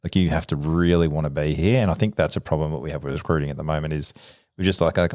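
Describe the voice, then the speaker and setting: Australian man, police officer, deep voice, rapid talker, casual podcast storytelling. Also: no echo, clean studio sound. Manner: animated storyteller, acts out quoted dialogue, laughs often.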